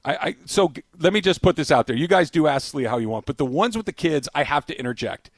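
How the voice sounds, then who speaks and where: A middle-aged man with a slightly raised pitch banters and tells stories on a sports talk show, breaking into laughter often. His voice comes through a close, dry studio mic. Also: fast talker, no room sound. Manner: laughs often, animated storytelling. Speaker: co-host. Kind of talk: casual sports radio banter.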